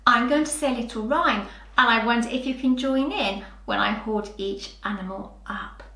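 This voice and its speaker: A woman teacher giving a preschool phonics lesson, talking slowly to small children in a sing-song, animated way. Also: on the high side. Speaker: early years teacher. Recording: roomy echoey room.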